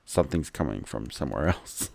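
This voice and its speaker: A man's voice: a bass voice, expressive, fairly quick, gravelly, darkish tone, dry recording. A man reading a visual novel aloud as a gameplay commentator, adding wry, joking asides.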